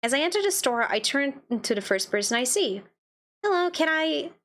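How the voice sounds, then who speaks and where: A woman's voice: a little high, very animated, fairly quick, fairly bright tone. A woman streaming a game, reading its dialogue aloud and reacting playfully between lines. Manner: playful, reads text then comments with laughs.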